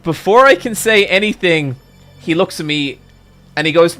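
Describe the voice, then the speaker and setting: Animated man telling a story on stream. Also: moderate pace, soft background music. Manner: animated, swears freely, jumps into high excited exclamations. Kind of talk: casual storytelling on a live stream.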